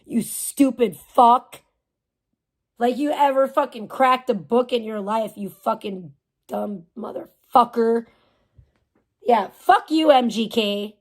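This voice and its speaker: A woman livestreamer chats casually, reading and answering chat messages while ranting with lots of profanity. Her voice is on the high side and her pace slow.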